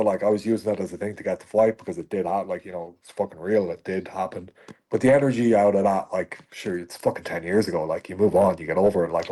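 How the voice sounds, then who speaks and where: An Irish man in his thirties with a husky voice that sits low. He talks bluntly and emphatically, swearing freely as he answers interview questions. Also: darkish tone. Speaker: fighter guest. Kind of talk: podcast interview.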